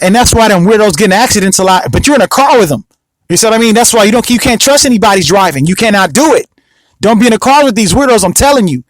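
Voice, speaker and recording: In a casual podcast monologue, this man rambles emphatically, repeating himself, restarting constantly and often turning to question the listener. His voice is high, and the poor audio carries no echo.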